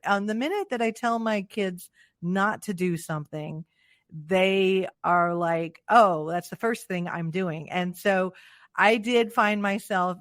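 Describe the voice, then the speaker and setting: A woman's voice: medium pitch, dry recording, studio quality. A woman in her forties hosting a podcast, talking in a chatty, joking way with self-deprecating asides. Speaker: podcast host. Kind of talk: casual podcast chat.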